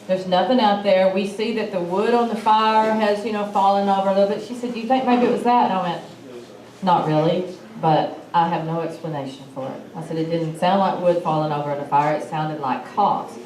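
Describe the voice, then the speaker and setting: Woman, animated storyteller at a symposium, echoey room, distant mic. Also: on the low side, brisk. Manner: animated storyteller, acts out quoted lines. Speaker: symposium speaker. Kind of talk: telling a personal encounter story. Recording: echoey hall, mic far off.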